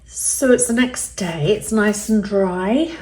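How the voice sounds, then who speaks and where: A woman's voice: mid-range voice, takes it slowly, dark tone. A woman giving a casual step-by-step craft demonstration, chatty and thinking aloud with the odd um. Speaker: resin art tutorial maker. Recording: roomy echo.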